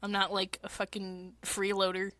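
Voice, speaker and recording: A woman's voice: mid-range voice, monotone, moderate pace, fairly bright tone, no room sound. A woman with a congested, mucusy throat, chatting casually on a stream, crude and rambling. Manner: crude, swears often, rambling with fillers. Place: basement apartment.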